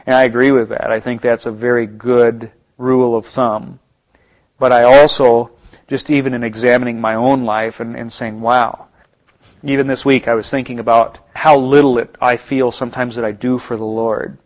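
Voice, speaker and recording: A man's voice: mid-range voice, flat delivery, moderate pace. A man with an American accent in ministry, giving an earnest, reflective Bible talk with frequent restarts and asides. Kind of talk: conversational Bible teaching.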